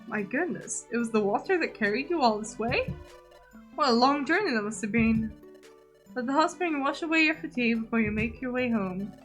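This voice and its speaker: A woman reading the lines of a kindly old hot spring keeper in a game, with gentle, old-fashioned phrasing. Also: fairly high pitch, animated, fairly quick, faint music behind.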